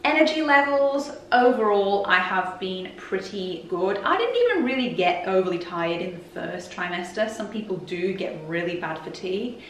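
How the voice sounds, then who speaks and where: A woman's voice: mid-range voice, lively intonation, normal speed, a little hiss or hum. A woman vlogger chatting frankly and openly to camera. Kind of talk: casual chat to camera. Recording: roomy echo, voice from a distance.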